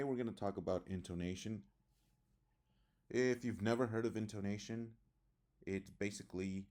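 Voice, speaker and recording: Low, mellow-voiced man teaching English. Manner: plain explanatory delivery, reads examples aloud. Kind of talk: spoken lesson reading example sentences.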